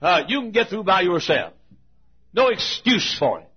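Preacher guy, high husky voice, dull old recording, repeats himself a lot, loud then hushed. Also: very animated, moderate pace. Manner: emotional storytelling with repetitions, shifting volume. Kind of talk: sermon.

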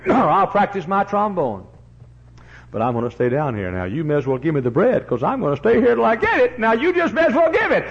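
A man's voice: high voice, sing-song, fairly quick, vocal fry, slightly rough, pitched above the performer's own voice, exaggerated voice. A man voicing a desperate man who keeps begging his neighbor for bread at night. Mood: insistent. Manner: pleading, insistent. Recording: dull lo-fi recording.

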